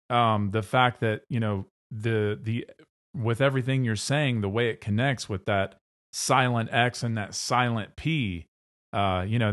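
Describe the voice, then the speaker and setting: A man's voice: lowish voice, fairly bright tone. A man in casual discussion, thinking aloud hesitantly with many fillers.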